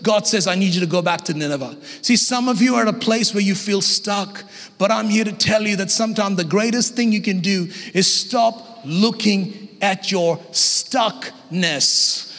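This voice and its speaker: An Australian man preaching a lively sermon as guest pastor, humorous and energetic, shouting at the peaks. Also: high voice, a little slow. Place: church hall. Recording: long church hall reverb.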